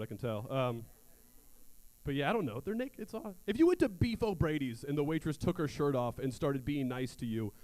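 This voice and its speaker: A man's voice: a little high, darkish tone. A young man doing a stand-up comedy set on a theater stage, crude and self-mocking in a loose, conversational way.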